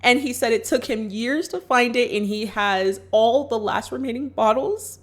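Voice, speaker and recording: A woman's voice: a little high, moderate pace. A woman vlogger casually recapping a movie plot in a chatty, upbeat way, speaking straight to her viewers. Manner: chatty, acts out characters' lines while retelling.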